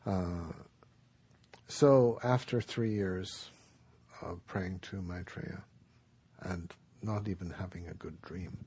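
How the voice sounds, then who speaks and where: A man giving a dharma talk, telling a traditional story in a relaxed, unhurried way with many pauses. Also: low-pitched. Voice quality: gravelly and very husky. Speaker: dharma teacher.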